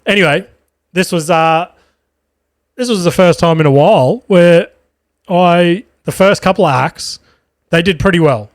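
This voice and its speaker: Young man, podcast host, rambling profane storytelling, slightly high voice, dry close mic. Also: a little slow, long pauses, dry recording. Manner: rambling and profane, with frequent fillers and laughter. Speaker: podcast host and stand-up comedian. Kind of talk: casual storytelling monologue.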